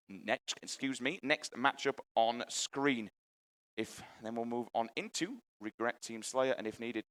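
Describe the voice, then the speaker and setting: A man doing live play-by-play commentary at an esports event, energetic and hyping up the crowd. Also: mid-range voice, clear, resonant tone. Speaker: esports caster.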